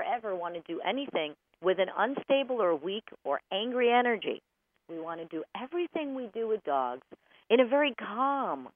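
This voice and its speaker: A woman hosts a radio advice show from a studio, and her voice moves a lot, rising and falling as she presses her points. She sits a little high and talks right at the listeners. The sound is dry and squeezed thin, like it is coming down a phone line. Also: no room sound. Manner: animated, emphatic, addresses listeners directly. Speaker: radio show host and dog trainer. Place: broadcast studio.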